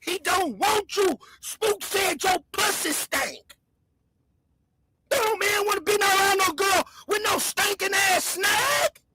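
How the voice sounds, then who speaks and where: Shrill, shouting woman roasting someone. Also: lively intonation, takes it slowly. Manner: loud, mocking, shouting insults. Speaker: livestream host. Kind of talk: insulting livestream rant.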